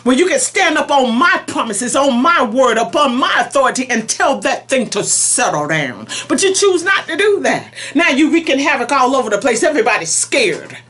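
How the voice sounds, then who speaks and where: A woman preacher delivering a prophetic message spoken in God's voice, pleading and emphatic, shifting between soft and forceful. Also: sits high, sing-song, moderate pace, few pauses.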